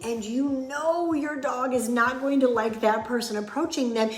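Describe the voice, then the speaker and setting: A woman's voice: high voice, measured pace, a little mellow, echoey room, slight background noise. A woman dog trainer giving earnest, plain-spoken advice and acting out sample replies. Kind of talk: instructional talk to camera.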